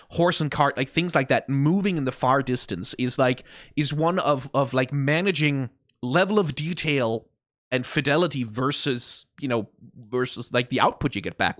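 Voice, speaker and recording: A man hosts an anime reaction, rambling through casual, profane commentary full of restarts, laughs, and bursts of mock anger. His voice is medium-pitched and animated, recorded dry with studio quality.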